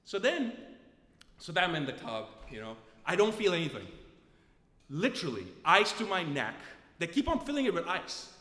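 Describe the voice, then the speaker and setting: A man's voice: high voice, moderate pace. A man from Pakistan telling a personal story on stage, acting out the other people in it. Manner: animated, acts out voices of doctor and nurse. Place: stage in a live venue. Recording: live stage recording with long reverb.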